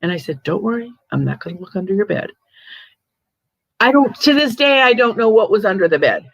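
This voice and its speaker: An older woman hosting a casual chat, telling stories in a chatty, animated way with frequent restarts. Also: medium pitch, brisk, dry recording, low-quality recording. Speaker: host, ghost medium.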